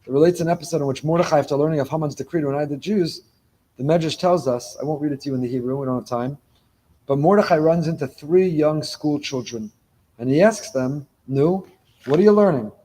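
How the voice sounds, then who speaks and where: Mellow-voiced rabbi preaching emphatically. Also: male voice, a little high, quick pace. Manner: emphatic, repeats key phrases, weaves in Hebrew terms. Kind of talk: sermon. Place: synagogue before a live congregation.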